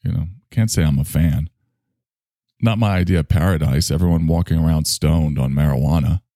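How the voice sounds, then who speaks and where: A man's voice: very deep voice, brisk, warm tone, no echo, studio quality. A man hosting a solo podcast, rambling in a sardonic, self-mocking way with frequent sighs. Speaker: podcast host.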